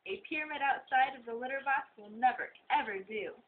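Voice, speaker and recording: A woman's voice: high voice, brisk, pitched above the performer's own voice, close to an everyday voice. Stern mama cat, read by a woman; tinny home tape. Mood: scolding. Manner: scolding. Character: scolding mother cat. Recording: tinny lo-fi with hiss.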